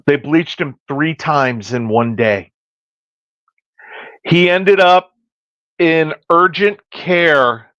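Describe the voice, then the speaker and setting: A man's voice: a little high, fairly bright tone, dry recording, dull audio. A man hosting a podcast and working as a hairstylist, telling stories in casual chat and acting out the dialogue in them. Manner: storytelling, acting out quoted dialogue.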